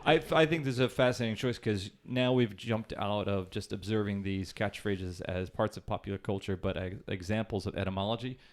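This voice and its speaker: A man's voice: lowish voice, fairly quick, few pauses. A man co-hosting a podcast in casual chat, reflective and enthusiastic as he tells anecdotes. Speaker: podcast co-host.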